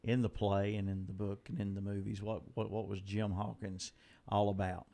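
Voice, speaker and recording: A man's voice: lowish voice, little pitch movement, moderate pace, vocal fry, mellow. A man hosting a community TV interview, asking questions in a folksy way with frequent restarts. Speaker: TV interview host.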